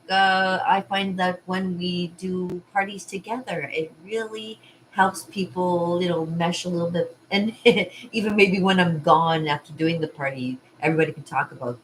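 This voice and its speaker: A woman with a fairly low voice talks casually to camera from her art studio. She rambles from one thought to the next, laughing often between asides. A faint hum of room ambience sits behind her. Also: poor audio. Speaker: party artist and vlog host. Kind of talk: casual rambling vlog chat.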